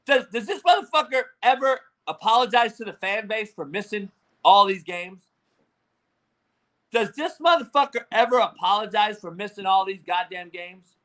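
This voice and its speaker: A man ranting in profane, combative sports talk, with shouting bursts. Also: high-pitched, animated, moderate pace. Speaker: sports commentator.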